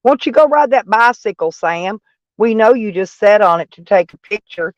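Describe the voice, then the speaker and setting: A woman's voice: medium pitch, expressive, moderate pace, no room sound, highs cut off. A middle-aged woman chatting casually on a live stream, mocking and sarcastic toward trolls in her chat. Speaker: van life streamer.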